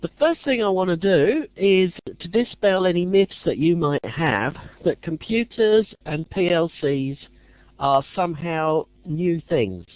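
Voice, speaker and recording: A man's voice: on the high side, animated, measured pace, no room sound, phone-quality sound. A man giving a casual lecture as a teacher, chatty with dry jokey asides.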